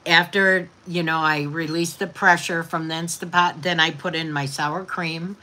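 A woman's voice: low voice, steady tone, moderate pace, pushed and bright. A woman hosting a casual livestream, chatting affectionately with viewers and explaining a recipe. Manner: affectionate, reads viewer comments aloud. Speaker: livestream host.

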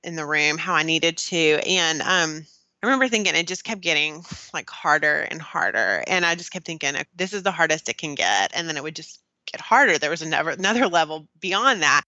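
A young woman tells her birth story in an earnest, chatty way, full of "like" and restarts. Her voice is bright and clear, sitting slightly low. The close mic sounds dry, with no room around it. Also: animated, fairly quick, no echo. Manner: earnest, frequent "like" and "kinda", restarts mid-sentence. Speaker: podcast guest telling her birth story. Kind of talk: casual personal storytelling.

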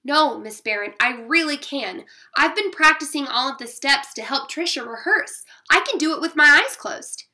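A woman's voice: high-pitched, animated, normal speed, hardly any pauses, bright, forceful tone, voice pushed up, heavily acted. A woman reading aloud and voicing an eager, clumsy boy dancer who pleads and boasts.

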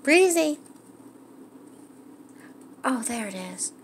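A woman's voice: sits high, sing-song, very slow, a little hiss or hum. A woman talking fondly to her pets, coaxing and praising them in casual chat. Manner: coaxing, fond pet-talk. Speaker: pet owner filming her animals.

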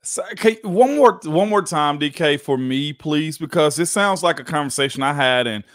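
A man with a Southern American accent co-hosting a casual sports talk show, joking and laid-back with drawn-out phrasing. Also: on the high side, animated, fairly bright tone, dry recording, studio quality. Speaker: co-host, former football guard. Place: remote studio.

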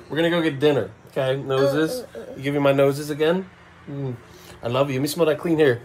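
A man in his thirties films a casual home vlog indoors at the family home, upbeat as he coaxes his young kids, then dropping into low, tired asides to the camera. He's a father and vlogger who talks fast with a fairly bright tone.

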